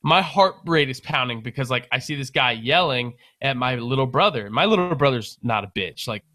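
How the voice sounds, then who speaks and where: Bright-voiced man telling a profane story. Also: mid-range voice, normal speed. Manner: profane, rambling, animated storyteller. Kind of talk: casual storytelling on a podcast.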